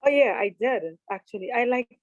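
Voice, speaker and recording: A woman's voice: a little high, animated, normal speed, a little hiss or hum. Trinidadian woman on a tinny call. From Trinidad and Tobago. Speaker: guest participant. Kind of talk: casual video call chat. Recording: dry tinny video call audio.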